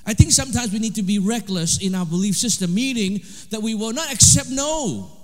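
A man with a high voice preaches a sermon with lively swings between loud emphatic lines and quiet asides. His voice carries with a long reverb, as in a large hall. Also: a little fast. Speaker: pastor.

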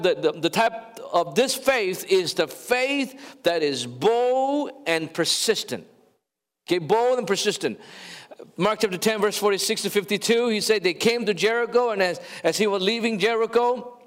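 A male pastor preaching a sermon, addressing the congregation directly, animated and drawing words out as he cries them louder. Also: high-pitched, big-room sound. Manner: talks straight to the congregation, with fillers and restarts. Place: church sanctuary.

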